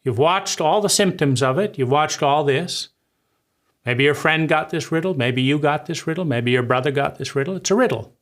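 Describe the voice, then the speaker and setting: A man's voice: fairly high pitch, moderate pace, a bit bright. A man giving an impassioned lecture on trauma, emphatic and sweeping, piling phrase on phrase. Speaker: trauma speaker.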